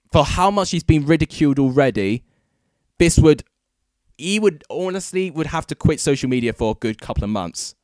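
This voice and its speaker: A man hosting a football watchalong, giving excitable live commentary into a desk microphone and breaking into shouts at big moments. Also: medium pitch, no room sound, studio quality. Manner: excitable, erupting into shouts at goals.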